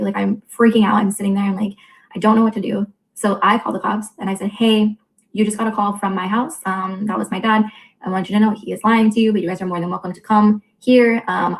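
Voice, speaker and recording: Fast-talking, flat-toned young woman. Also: medium pitch, gravelly, poor audio. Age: 20s. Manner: candid, blunt retelling with frequent profanity; quotes others in quick reported dialogue. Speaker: vlogger. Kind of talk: personal storytime vlog.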